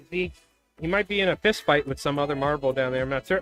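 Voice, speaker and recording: A man streaming live, chatting casually and calling a marble race with loud bursts of excitement. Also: fairly high pitch, quick pace. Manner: rambling, laid-back, bursts into loud excited commentary. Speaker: streamer and fly tier. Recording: faint music under the voice. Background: background music.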